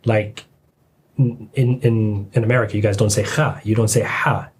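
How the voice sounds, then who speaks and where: A man talking as a podcast guest in a relaxed, hesitant way with many fillers. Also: fairly low pitch, fairly quick, a little hiss or hum. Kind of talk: casual podcast chat.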